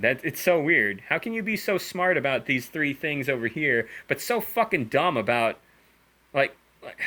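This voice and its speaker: A young man rants in a casual vlog, swearing freely and slipping into sarcasm. His voice sits at an ordinary middle pitch, loose and conversational, with many fillers and restarts. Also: sharp tone. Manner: profane, sarcastic ranting with frequent fillers and laughs. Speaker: gaming YouTuber.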